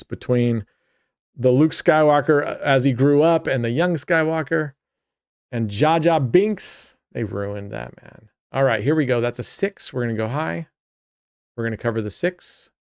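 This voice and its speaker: Chatty male host, smooth voice, dry close sound, casual roulette play-by-play. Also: mid-range voice, no room sound. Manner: chatty, talks to himself and viewers.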